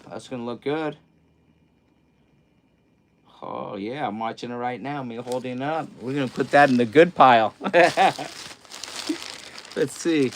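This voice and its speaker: A man's voice: medium pitch, measured pace, pauses often. A middle-aged man chatting casually on a livestream, rambling and joking at himself as he unpacks clothes and reads out chat messages. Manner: rambling, loose, self-mocking, reads chat aloud. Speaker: livestream host. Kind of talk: casual live-stream chat, unboxing clothes.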